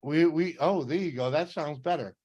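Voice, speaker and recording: A man's voice: a little high, moderate pace, darkish tone, slightly rough, dull audio. Laid-back man greeting viewers. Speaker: livestream host. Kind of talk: casual livestream chat.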